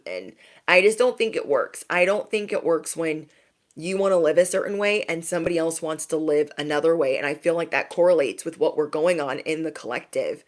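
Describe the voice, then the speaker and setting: A young woman tarot reader telling a story in casual chat, animated and slangy. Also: on the low side.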